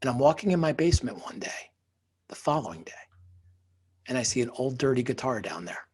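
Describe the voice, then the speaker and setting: Very husky man telling his story. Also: medium pitch, very animated, fairly quick, a little mellow. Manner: emphatic, dramatic, drops to a whisper for effect. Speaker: podcast guest, author. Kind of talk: personal storytelling in an interview.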